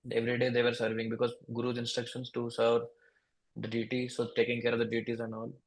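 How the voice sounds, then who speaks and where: A man's voice: mid-range voice, completely flat delivery, low-quality recording. A man with an Indian English accent preaching. He tells a devotional story at an easy pace and speaks the characters' lines in small voices. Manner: unhurried storytelling, plays the dialogue in small voices, repeats words.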